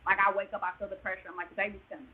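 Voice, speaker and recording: A woman telling an emotional birth story as a podcast guest, animated and sometimes near-shouting. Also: medium pitch, racing, slightly rough. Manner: animated, rises to near-shouts at tense moments. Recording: tinny phone line.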